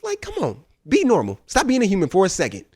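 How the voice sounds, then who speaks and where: A man co-hosts a casual podcast chat, talking fast and rambling. His voice swings up and down as he goes and often mimics other people. The sound is close and dry. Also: sits high, huge pitch swings, darkish tone, no echo. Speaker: podcast co-host.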